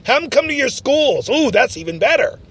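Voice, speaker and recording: A man hosting a mock talk-radio show, ranting and often shouting in a mocking tone. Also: very high voice, big pitch swings, brisk, slightly rough.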